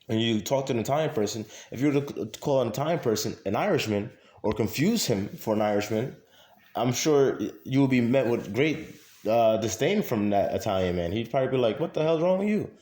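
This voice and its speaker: In an echoey room, a male vlogger delivers a fairly quick monologue to camera with a medium pitch and a darkish tone. His manner is casual and emphatic, heavy on fillers, circling back to the same points.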